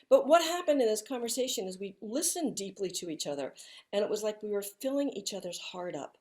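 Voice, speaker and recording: A woman speaking as a guest in an interview, talking softly and reflectively with many restarts, over a video call. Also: mid-range voice. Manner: soft-spoken, halting, with frequent restarts.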